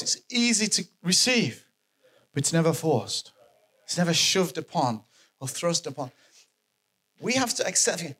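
A man preaching a sermon, animated and emphatic, repeating his key phrases for effect. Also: sits high, husky.

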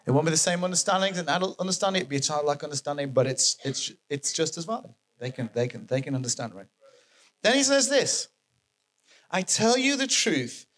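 A man preaching a sermon, animated and emphatic, repeating his key phrases for effect. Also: high-pitched.

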